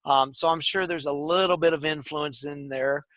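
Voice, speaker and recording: A man from Michigan with a Northern US accent and a slightly raspy voice, co-hosting a casual chat and rambling with many fillers. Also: on the high side, steady tone, normal speed, fairly bright tone, no room sound. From Michigan, USA. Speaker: podcast co-host.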